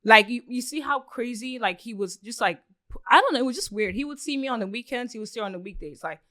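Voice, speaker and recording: A woman guest on a podcast, telling a story casually in a rambling, filler-heavy way with lots of swearing and animated acted-out quotes. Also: fairly high pitch, fast talker, dry recording, clean studio sound.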